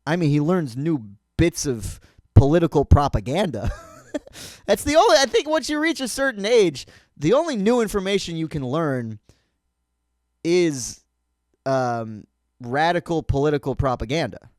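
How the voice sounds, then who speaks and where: A man hosting a podcast, talking in a rambling, sardonic comedic monologue with lots of restarts, turning softer and halting when he gets personal. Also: big pitch swings, no room sound, studio quality. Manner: sardonic, rambling, pitch swooping up and down. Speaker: podcast host.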